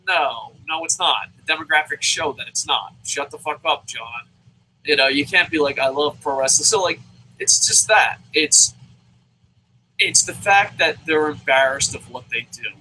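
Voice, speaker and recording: A man reviewing a wrestling show in a casual, profane, opinionated rant, mocking others with quick impressions. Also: fairly high pitch, pushed and bright, a little hiss or hum, poor audio.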